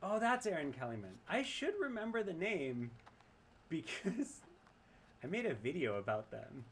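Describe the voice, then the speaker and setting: A man's voice: fairly high pitch, big pitch swings, a little slow, a little hiss or hum. A man casually commenting on his gameplay and reading chat aloud, chatty and rambling and often laughing. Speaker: streamer.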